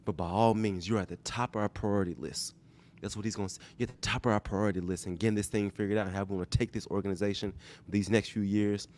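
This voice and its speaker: A man imitating an older male head football coach, speaking in an earnest, measured, reassuring way during a podcast bit. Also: lowish voice, fairly even intonation, a little mellow, lightly acted.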